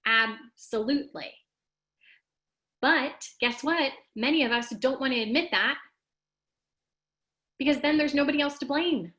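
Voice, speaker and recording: A woman hosting a casual motivational talk, speaking straight to her viewers in an animated, emphatic way and reading out their comments. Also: unhurried, long pauses, poor audio. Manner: animated and emphatic, rising high when making a point; talks straight to the audience and reads out their comments. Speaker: host of a live wellness talk.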